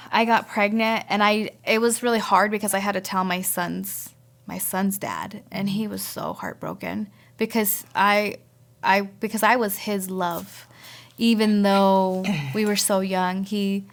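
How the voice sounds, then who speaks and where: As a podcast guest, a woman shares her personal testimony in a steady, middling-pitched voice with a gravelly, creaky edge. She speaks haltingly, often repeating words as she works through her memories.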